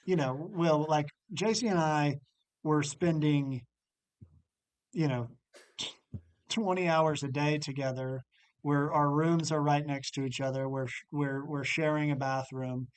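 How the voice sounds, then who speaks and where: A man guesting on a podcast, reminiscing about college with an old friend. He talks in a halting way, often restarting, and his voice sits a little high. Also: fairly even intonation, smooth. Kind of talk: casual storytelling chat.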